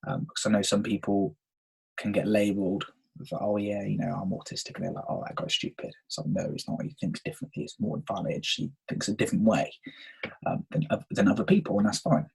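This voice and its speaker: A man's voice: lowish voice, a little fast, vocal fry, darkish tone, slightly rough, poor audio. A man, casually telling a personal story on his podcast and often checking in with "okay?". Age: 20s. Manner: chatty, frequent "um" and "okay?" check-ins. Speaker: podcast host.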